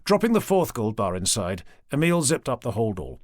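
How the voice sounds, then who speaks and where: Reading scripted audiobook narration, a man tells the story in a measured, expressive way with his mid-range voice. The recording is dry and studio quality, made on a close mic in a recording studio.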